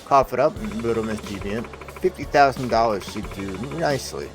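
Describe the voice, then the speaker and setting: A man's voice: mid-range voice, animated, normal speed, music in the background, lightly acted. A man voicing a mocking, blackmailing young male street thug in a video game. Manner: mocking, taunting.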